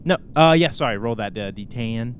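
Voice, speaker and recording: A man's voice: medium pitch, expressive, moderate pace, slight background noise. A man running a tabletop game with an ordinary mid-range voice. He narrates hesitantly, filling gaps with ums and correcting himself. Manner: hesitant, many fillers and self-corrections. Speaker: game master.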